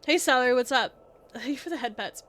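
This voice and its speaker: A young woman streaming a game, rambling and swearing while she chats with viewers, sniffly and clearing her throat. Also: quick pace, a bit bright. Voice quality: high, youthful voice she calls cute. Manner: rambling, swears often, reacts to chat. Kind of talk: casual game stream chat.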